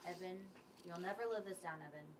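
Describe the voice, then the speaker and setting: A woman's voice: lowish voice, fast, background noise. A woman co-hosting a casual livestream, telling a funny story with laughter. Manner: laughing, lively anecdote teller. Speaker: co-host.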